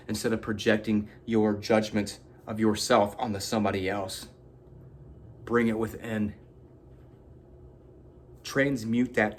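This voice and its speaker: A man's voice: lowish voice, a little hiss or hum. A man giving an earnest, preachy motivational self-help talk, swearing casually. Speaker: motivational vlogger.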